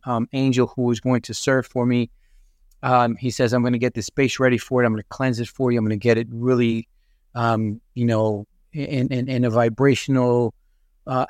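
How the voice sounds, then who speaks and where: A man's voice: medium pitch, dry recording, clean studio sound. A man being interviewed, earnestly recounting a personal experience with many restarts and fillers. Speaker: podcast guest. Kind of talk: conversational storytelling.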